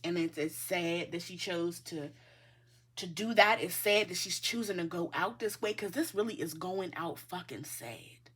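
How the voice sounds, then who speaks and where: A woman's voice: lowish voice, measured pace, a bit bright, husky. A woman giving a tarot reading in a casual, chatty way. She speaks bluntly, swears freely and keeps addressing her listeners as the collective. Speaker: tarot reader.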